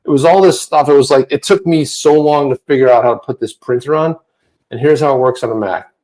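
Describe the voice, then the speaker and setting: A man co-hosting a casual livestream chat, rambling with many restarts and getting animated when he rants. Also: medium pitch, fairly quick. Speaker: co-host. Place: home office.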